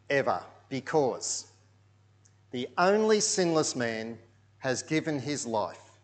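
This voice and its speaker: A man's voice: medium pitch, very animated, slow pace. Man preaching with dramatic swells. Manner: dramatic storytelling, drops to hushed tones and swells loud. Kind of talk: sermon narrated over pictures.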